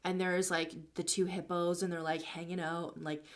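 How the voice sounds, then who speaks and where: A woman's voice: fairly low pitch, flat delivery, moderate pace. Chatty woman hosting a live stream. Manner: chatty, thanks viewers between points, tells stories. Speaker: life coach and live-stream host. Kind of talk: casual live-stream talk.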